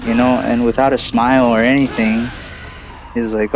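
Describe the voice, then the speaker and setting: A man's voice: mid-range voice, level tone, moderate pace, poor audio. A man in his late twenties or thirties, a streamer host telling a long story in a loose, rambling way full of fillers. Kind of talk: casual storytelling during a game stream. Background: game music.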